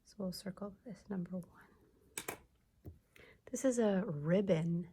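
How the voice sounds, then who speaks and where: A woman teacher giving a video lesson to young children, sounding out words slowly and clearly. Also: fairly low pitch, dark tone, slight background noise. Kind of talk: early-grades classroom video lesson.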